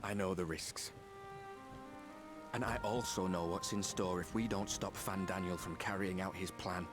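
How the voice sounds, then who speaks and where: A man's voice: low voice, steady tone, moderate pace, over music, natural voice. A man playing a determined young fighter in a video game, earnest and resolute.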